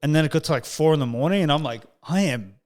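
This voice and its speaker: A man's voice: fairly high pitch, rapid-fire, darkish tone, clear, resonant tone. A man hosting a podcast, chatting casually in a blunt way, swearing freely and chiming in often. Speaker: podcast host. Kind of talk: casual chat.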